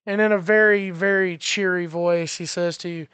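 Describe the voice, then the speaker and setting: A game master narrating a science fiction tabletop game in a relaxed way, laughing often. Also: mid-range voice, normal speed, clear, resonant tone, dry recording. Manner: relaxed, laughing, explains freely.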